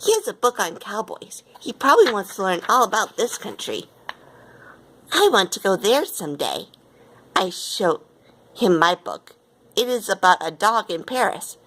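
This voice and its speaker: A woman reading a children's picture book aloud in an expressive way. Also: mid-range voice, moderate pace. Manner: expressive, with lively quoted lines. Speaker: storyteller.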